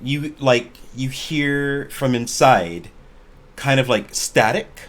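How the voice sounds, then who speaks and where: A man's voice: mid-range voice, slow, a bit bright. Casual male game master narrating. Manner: casual, filler-heavy narration. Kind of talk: narrating a tabletop game over a call. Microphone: online voice call.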